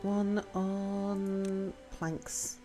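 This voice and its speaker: A woman's voice: mid-range voice, monotone, drawn-out words, warm tone. A woman streaming a game live, chatting casually, reading chat aloud and playing with word sounds. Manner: chatty, reads chat aloud, playful with pronunciation. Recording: faint music behind.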